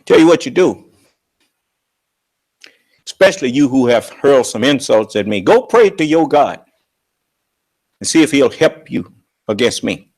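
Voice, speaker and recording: A man preaching on scripture with emphatic, confrontational delivery, slowing down to draw out quoted verses. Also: medium pitch, sing-song, darkish tone. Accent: American. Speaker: religious leader and teacher.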